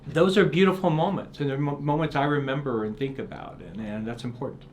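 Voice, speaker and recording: A man's voice: medium pitch, fairly quick, darkish tone, a little hiss or hum. Earnest middle-aged man telling stories. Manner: earnest, repeats words when starting sentences. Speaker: author and guest. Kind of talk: reflective storytelling interview.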